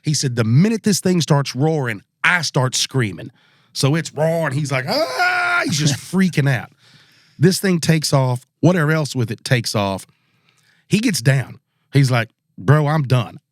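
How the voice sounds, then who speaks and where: At a moderate pace and medium pitch, a male podcast co-host relates a spooky hunting story with laid-back Southern charm. He slips into the voices of the people he quotes. The audio is studio quality without any room sound.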